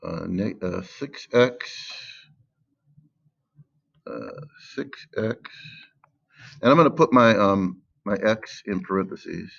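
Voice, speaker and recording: A man's voice: low voice, very animated, slow, gravelly, long pauses, highs cut off. A man teaching math in a screen-recorded lesson, patiently stressing key words and thinking aloud with fillers.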